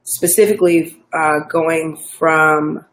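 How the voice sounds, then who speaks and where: Southern woman from Georgia, low voice, loose chatty delivery with fillers; interview guest. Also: takes it slowly. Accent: Southern American. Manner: relaxed, chatty, many fillers and restarts. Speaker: actor guest. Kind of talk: casual interview chat.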